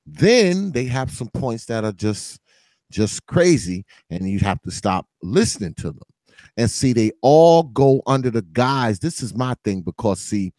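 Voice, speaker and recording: A man's voice: lowish voice, darkish tone, no room sound. A man hosting a podcast in casual, loose chat, swearing freely and laughing often. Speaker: podcast host.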